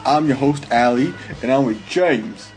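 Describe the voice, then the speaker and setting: A British man hosting a podcast in casual chat, giggly and quick to break into laughter. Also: medium pitch, darkish tone, soft background music. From Britain. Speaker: podcast host.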